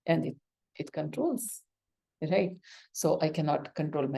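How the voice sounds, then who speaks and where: A woman's voice: deep voice, animated, a little slow, gravelly, pauses often, mellow, slightly rough. A woman with an Indian accent teaching a yoga lesson, coaxing answers from her student with questions and acted-out examples.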